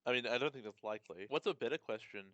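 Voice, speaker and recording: A man's voice: mid-range voice, fast talker, fairly bright tone, dry recording, muffled recording. A young man co-hosting a podcast in casual chat, analytical and wry with blunt opinions. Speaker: podcast co-host.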